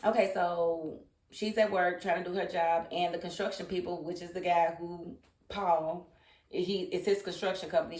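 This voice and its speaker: A woman recapping and reviewing a TV series in a casual, opinionated vlog, speaking animatedly and acting out the characters. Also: on the low side. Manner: animated, opinionated, quotes characters in funny voices. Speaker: TV show reviewer. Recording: roomy echo.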